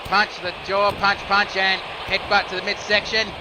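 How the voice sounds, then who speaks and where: Working alone at normal speed, this commentator narrates a video game wrestling match move by move in a fairly high voice while clear background noise sits beneath him. Kickouts from pins and reversed moves make him leap up sharply in pitch and loudness.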